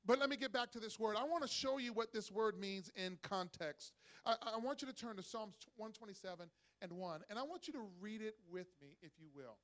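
A middle-aged man preaching a sermon as pastor, energetic and calling on the congregation to respond. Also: high voice, brisk, hardly any pauses. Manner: acts out voices in a joke with rising excitement. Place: church.

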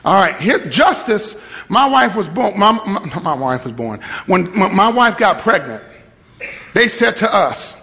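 High-voiced preacher in an echoing hall. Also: male voice, very animated, unhurried. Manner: storytelling, builds to shouting. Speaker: pastor. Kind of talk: sermon with call-and-response. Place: church hall with live congregation. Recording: long hall reverb.

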